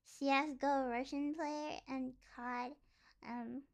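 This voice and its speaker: Young woman, casual livestream chat, high voice, slow rambling talk, giggly. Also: fairly even intonation. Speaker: virtual streamer.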